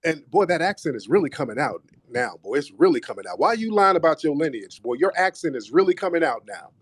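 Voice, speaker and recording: A man's voice: fairly high pitch, sing-song, fast talker, husky. A man hosting a live online audio room, taunting a caller in a heated debate and calling him "brother" over and over. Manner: taunting, repeats "brother", mocking. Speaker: host.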